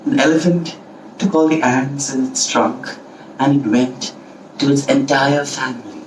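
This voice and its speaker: A man's voice: medium pitch, fairly even intonation, a little slow, far from the mic, slight background noise. A man telling a folk tale to children, playful, asking the listeners questions and making sound effects. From India. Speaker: storyteller. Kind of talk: live children's storytelling. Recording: echoey room, speaker away from mic.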